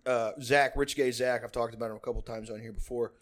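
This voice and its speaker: A man's voice: medium pitch, steady tone, quick pace, a bit bright. A young man hosting a podcast, telling a long story in a rambling, profane way, full of "like" and laughs. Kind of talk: casual storytelling chat.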